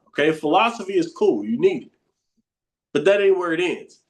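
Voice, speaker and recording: A man teaches from a book, reading a line and then breaking it down in plain talk. He is emphatic and conversational and repeats his points. His voice sits a bit high. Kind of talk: reading aloud and explaining a text.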